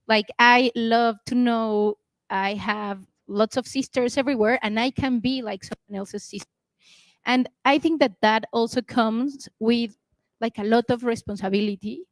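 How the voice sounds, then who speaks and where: A woman interviewer asks earnest questions, pausing often to find the right words. Her voice sits a little high, and the sound is dry and close to the mic. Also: fairly even intonation, dry recording, low-quality recording. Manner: earnest, searching for words, non-native phrasing.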